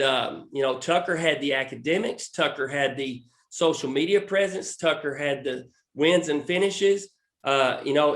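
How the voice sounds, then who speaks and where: A Southern American man with a fairly high voice explains a recruiting program in a slow, halting way, restarting his sentences and filling pauses. The room around him is echoey. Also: fairly bright tone. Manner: halting, with many restarts and fillers. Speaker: fishing recruiting scout.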